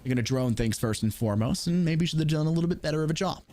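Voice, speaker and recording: Male esports play-by-play caster, fairly high voice, quick and teasing, from the American South. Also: lively intonation, warm tone. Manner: quick and teasing, joking between plays. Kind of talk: play-by-play commentary.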